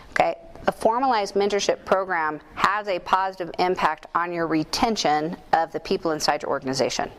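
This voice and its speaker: Speaking into a microphone at a chamber of commerce conference, a woman with a lowish voice delivers an energetic keynote. She tells stories, asks the crowd questions and makes jokes at her own expense.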